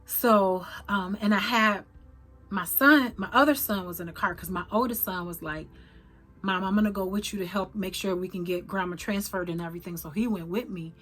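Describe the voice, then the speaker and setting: A middle-aged woman telling a personal story to her viewers, halting and emotional, with many fillers and restarts. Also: mid-range voice, a bit bright, faint music behind. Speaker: vlogger.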